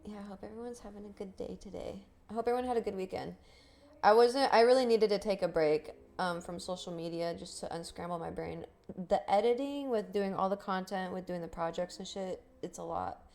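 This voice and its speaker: A woman's voice: medium pitch, normal speed, vocal fry, darkish tone. A young woman streamer chatting casually on a live stream, rambling, swearing and laughing often. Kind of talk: casual livestream chat.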